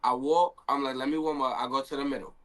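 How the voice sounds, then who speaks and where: A man's voice: medium pitch, fairly even intonation, quick pace, a bit bright. A young man, a handball player, telling a story in a casual stream Q&A and acting out his own quotes.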